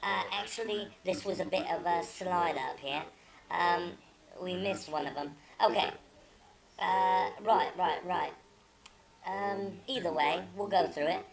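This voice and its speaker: A woman's voice: fairly low pitch, measured pace, a crowd in the background. A woman hosting her own channel, giving indignant, mocking commentary as she reads out messages, swearing freely. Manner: profane, mocking and exasperated. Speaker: channel host.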